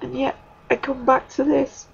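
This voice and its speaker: A woman giving an emotional spiritual testimony, halting, with many pauses and fillers. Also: sits high, level tone, creaky, husky, highs cut off. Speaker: spiritual speaker.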